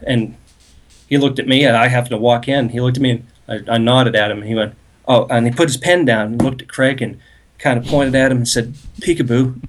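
A man's voice: medium pitch, fairly quick. A man on a podcast, casually telling a long, rambling story about a prank at work and laughing at it as he goes. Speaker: podcast co-host.

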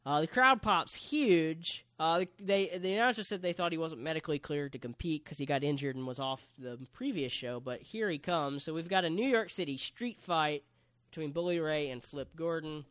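A man with a fairly high voice talks through a match for a podcast in a relaxed, chatty way. He jokes as he goes and describes the action step by step. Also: moderate pace. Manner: joking, play-by-play recap. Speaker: podcast co-host recapping wrestling. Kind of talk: casual chat.

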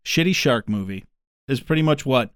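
A man's voice: mid-range voice, expressive, normal speed, smooth, no room sound. A man hosting a podcast in casual chat, rambling with restarts and swearing freely. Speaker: podcast host.

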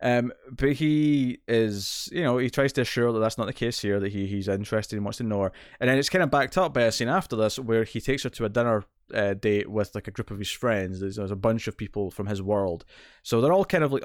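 A man's voice: mid-range voice, clear, resonant tone, dry recording, clean studio sound. A man co-hosting a podcast, recapping a TV episode in casual chat, full of restarts and fillers. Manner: rambling, many restarts and fillers. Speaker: podcast co-host.

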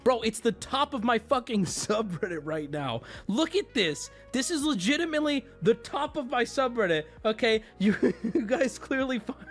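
A man's voice: very high voice, expressive, normal speed, few pauses, soft background music. A man hosting a livestream, talking casually and profanely to his chat, often breaking into laughter. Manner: profane, rambling, talks straight to chat. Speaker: livestream host.

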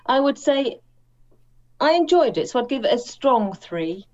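A woman's voice: high-pitched, very animated, unhurried, a little mellow. A woman co-hosting a casual film review podcast, thoughtful and weighing her words. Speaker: podcast co-host. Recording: dull lo-fi audio.

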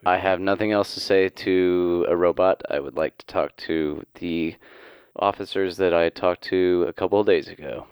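A playful, joking man taking part in a tabletop game session. His voice is very low, close to the mic, with a dry sound. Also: fairly even intonation, moderate pace, clear, resonant tone, dry recording, highs cut off. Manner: jokey, playful. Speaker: player. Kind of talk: casual tabletop play.

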